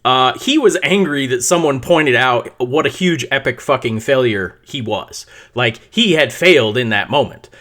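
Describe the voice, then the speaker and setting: A middle-aged man hosting his own podcast, telling a story in a casual, animated solo monologue and swearing freely along the way. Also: medium pitch, moderate pace, few pauses. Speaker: podcast host.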